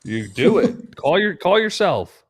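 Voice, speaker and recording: A man's voice: high-pitched, big pitch swings, unhurried. A man co-hosting a podcast in loose, profane, laughing banter. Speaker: podcast co-host. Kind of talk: casual podcast chat.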